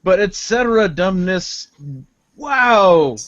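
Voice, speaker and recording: A man's voice: high voice, expressive, slow, fairly bright tone, no echo. Sarcastic man with a muffled dry sound. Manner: sarcastic, rambling with frequent laughs. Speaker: podcast co-host. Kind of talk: casual comedic chat. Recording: muffled, dry podcast audio.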